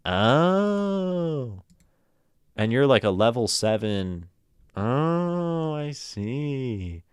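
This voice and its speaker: A man's voice: medium pitch, big pitch swings, drawn-out words, clear, resonant tone, no room sound, clean studio sound. A man streaming casual talk about poetry, rambling and thinking aloud, with a self-amused edge.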